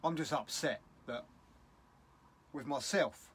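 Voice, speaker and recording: A man's voice: mid-range voice, takes it slowly, fairly bright tone, slightly rough. A middle-aged man with a British English accent, talking in a casual vlog, upset and rambling bluntly. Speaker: vlogger.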